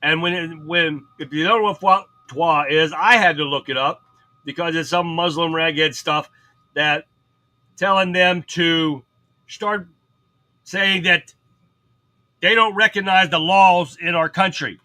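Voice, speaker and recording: A man hosting a livestream from home reads headlines out and then goes off on them bluntly, swearing freely and chatting with viewers in between. His voice sits a little high and sounds very bright and forceful. The talk is loose and casual, with the bluntness of someone arguing his case to a live audience. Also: measured pace, low-quality recording. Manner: blunt, profane, ranting. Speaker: political livestream host. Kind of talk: casual commentary reading headlines.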